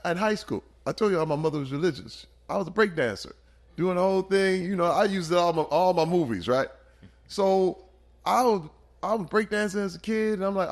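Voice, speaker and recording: A man in his fifties, a podcast guest, telling stories in an emphatic, animated way in casual conversation. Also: high-pitched, fairly quick. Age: 50s.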